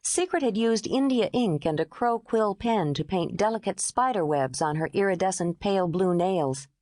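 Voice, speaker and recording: A woman narrating an audiobook in smooth, expressive storytelling. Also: mid-range voice, normal speed, no echo, studio quality.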